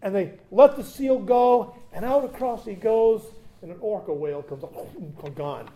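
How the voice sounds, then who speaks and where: High-voiced preacher, mellow tone. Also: male voice, normal speed. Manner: swings between loud emphatic preaching and quiet asides; conversational, tells humorous anecdotes. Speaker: pastor. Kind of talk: sermon.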